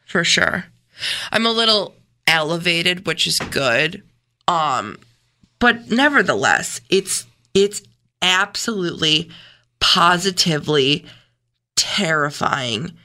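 A woman co-hosting a morning radio show, talking in an animated, emphatic, earnest way. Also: on the low side, takes it slowly, pauses often. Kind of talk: casual radio chat. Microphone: studio microphone.

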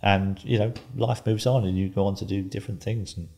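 A man in his fifties, a guest on a podcast, telling a story calmly and wryly, often laughing. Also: fairly low pitch, brisk, vocal fry. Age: 50s. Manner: calm, wry, laughs while telling a story. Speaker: interview guest.

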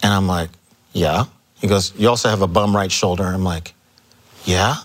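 Guy on a podcast telling a story, acts out the dialogue, lower voice. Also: moderate pace. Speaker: chiropractor guest. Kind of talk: casual storytelling interview.

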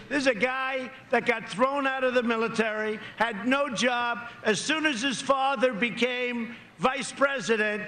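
A man's voice: extremely high pitch, sharp tone, a little hiss or hum. A man giving a campaign rally speech, emphatic and repetitive, with rambling asides. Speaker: political candidate. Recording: echoey rally recording.

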